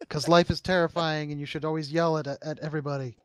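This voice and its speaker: A man's voice: fairly high pitch, steady tone, a little fast, clean tone, dry recording, studio quality. A man co-hosting a talk show, adding wry, joking quips in casual chat.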